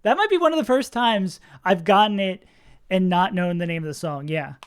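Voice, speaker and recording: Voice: mid-range voice, expressive, moderate pace, smooth. A young adult streamer chatting casually with viewers and reacting aloud while playing a game. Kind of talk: casual gaming stream chat. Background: faint music.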